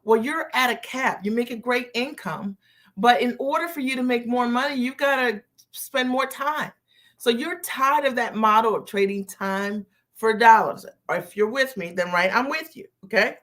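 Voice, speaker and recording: A woman business coach hosting a live stream, greeting viewers by name and repeating her key phrases slowly for emphasis. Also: fairly high pitch, fairly bright tone.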